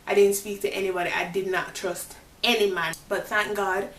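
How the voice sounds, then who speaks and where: A woman vlogger retelling a personal story to her viewers in a dramatic, expressive way, bringing faith and God into it. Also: medium pitch, moderate pace. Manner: religious, speaks of faith and God. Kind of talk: storytime vlog, talking to viewers. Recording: roomy echo, distant mic, faint hiss.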